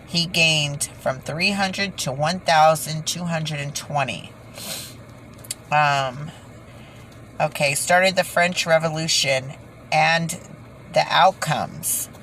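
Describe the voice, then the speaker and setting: A woman talking casually to her viewers while reading from her notes, halting often, correcting herself and laughing at her own slips. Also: sits low, a bit bright, slight background noise, low-quality recording. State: tired, head pounding. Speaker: video creator.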